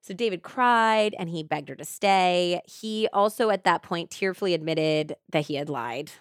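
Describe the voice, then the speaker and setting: A woman's voice: lowish voice, moderate pace, clean tone, dry recording, clean studio sound. A woman hosting a podcast, casually retelling a true-crime case and peppering it with "like". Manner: chatty retelling with frequent "like". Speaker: podcast host.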